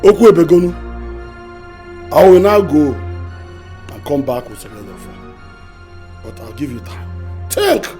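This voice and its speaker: A man's voice: fairly high pitch, sing-song, measured pace, pauses often, dark tone, soft background music. A man playing a stern elder of the royal council who questions and demands, formal and commanding, with a Nigerian accent.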